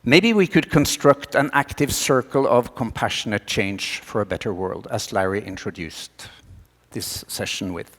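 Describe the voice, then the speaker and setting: A man's voice: on the low side, normal speed, fairly bright tone, long reverb tail. A middle-aged man from Norway with a Norwegian accent, giving a talk to students with slides, earnest and rousing with wry jokes.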